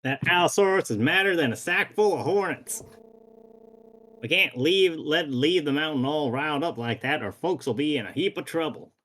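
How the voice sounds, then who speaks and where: A man's voice: on the high side, normal speed, fairly bright tone, lightly acted. A man doing a folksy cowboy drawl. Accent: put-on American Western drawl. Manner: folksy, drawling, reading game dialogue aloud. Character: boastful cowboy fossil fighter man, folksy.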